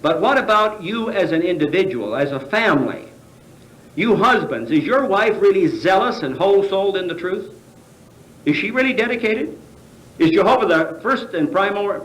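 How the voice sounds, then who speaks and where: A man's voice: high-pitched, animated, normal speed, a bit bright. An American man gives a sermon at a convention, asking his listeners rhetorical questions and stumbling over fillers as he goes. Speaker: convention speaker. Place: large convention hall. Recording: echoey convention hall.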